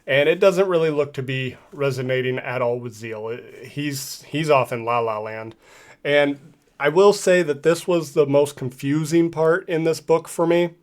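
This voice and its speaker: A man in a casual comic recap, talking in a relaxed, rambling way with plenty of fillers. His voice sits at a middle pitch. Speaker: comic reviewer.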